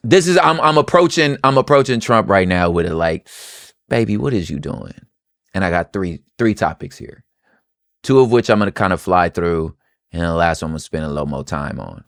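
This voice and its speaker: Low gravelly man chatting expressively. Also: a little fast, no room sound, clean studio sound. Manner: expressive and conversational, slips into playful quoted voices. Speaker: podcast host. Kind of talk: casual commentary monologue.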